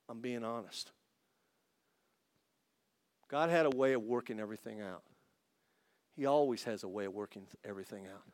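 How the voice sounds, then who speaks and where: An Italian pastor, medium in pitch, tells his own story to a congregation as a testimony sermon. He acts out both sides of the dialogue and builds to excited peaks.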